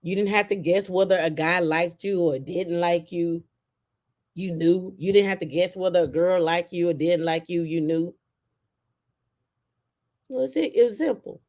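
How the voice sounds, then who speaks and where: A woman host in casual chat, telling stories in an animated way and acting out quotes. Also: on the low side, measured pace, pauses often. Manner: animated storytelling with acted-out quotes.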